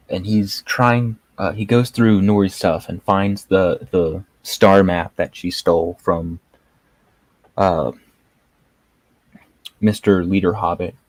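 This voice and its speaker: A man with a slow, unhurried delivery and a somewhat low voice, picking apart a series on a live review show. He rambles and mocks as he goes, leaning on lots of filler words. The sound is close and dry, with no room around it. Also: a little mellow, no echo.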